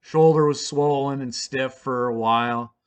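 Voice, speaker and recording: A man's voice: medium pitch, steady tone, unhurried, clean tone. A man casually telling a story, rambling and swearing freely with lots of fillers. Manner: rambling and profane, with many fillers. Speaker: storyteller vlogger.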